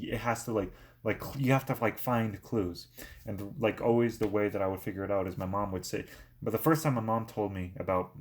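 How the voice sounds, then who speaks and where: A young man in casual chat, rambling through a story with many fillers and restarts. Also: fairly low pitch.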